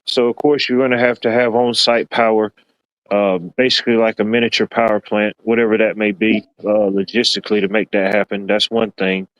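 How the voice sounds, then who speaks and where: A man hosting a casual podcast discussion, reasoning aloud in a measured, hedging way and repeating himself often. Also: fairly low pitch, little pitch movement, a bit bright, no echo, low-quality recording.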